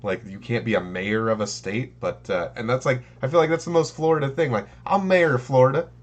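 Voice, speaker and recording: A man's voice: lowish voice, brisk. A man co-hosting a podcast, rambling in casual chat with lots of "like" and "um". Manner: rambling, full of "like" and "um". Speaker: podcast co-host.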